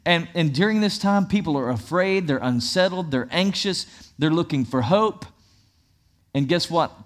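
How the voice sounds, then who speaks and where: A male pastor preaching a sermon in an emphatic, repetitive cadence. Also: fairly high pitch.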